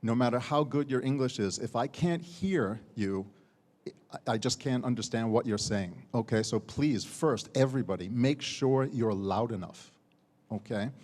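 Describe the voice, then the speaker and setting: A man's voice: mid-range voice, moderate pace, darkish tone. An American man, a university teacher, giving spoken feedback to student contestants. He keeps checking with "okay?" and repeats words as he goes. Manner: ends phrases with a checking "okay?", repeats words while speaking. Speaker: competition judge, university teacher. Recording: long hall reverb.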